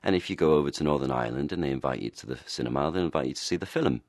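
A man's voice: very deep voice, rapid-fire, darkish tone, no room sound, clean studio sound. A man, an actor and director, talking as a guest in a radio interview, explaining eagerly and laughing easily. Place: broadcast studio. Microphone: studio microphone.

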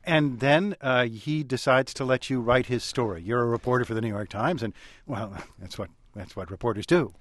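A man's voice: mid-range voice, normal speed, no room sound. A man hosting an interview, prompting his guest with leading questions and wry asides. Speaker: radio interviewer host.

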